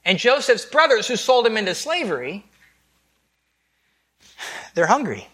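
Male pastor, high bright voice, chatty sermon delivery with restarts. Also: big pitch swings, unhurried, breathy edge. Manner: conversational, with repeated restarts and self-deprecating asides.

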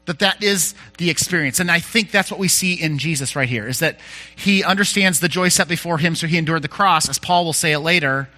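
Man preaching a sermon, high pitch, candid, self-correcting, conversational. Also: a little fast, pushed and bright. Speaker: pastor.

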